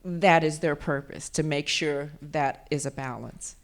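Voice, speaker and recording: A woman being interviewed as an actress and author, telling animated anecdotes with laughter and frequent restarts at a live event. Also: deep voice, unhurried. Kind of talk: casual interview storytelling.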